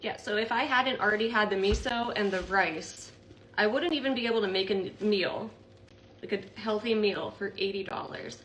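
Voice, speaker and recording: A woman walks through her grocery haul in an exasperated, sarcastic rant. Background noise and clicks sit clearly under her mid-pitched voice. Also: moderate pace, fairly bright tone, low-quality recording.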